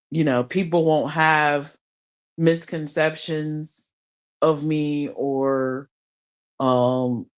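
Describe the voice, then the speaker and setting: A woman live-streaming from her phone while lying in bed, chatting casually and in slang, reading her chat aloud and laughing often. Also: deep voice. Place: her bed under blankets.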